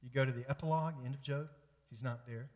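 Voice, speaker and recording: Pastor, male, mid-pitched, earnest emphatic sermon with long church reverb. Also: steady tone, quick pace, a little mellow. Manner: earnest, emphatic, repetitive build-ups.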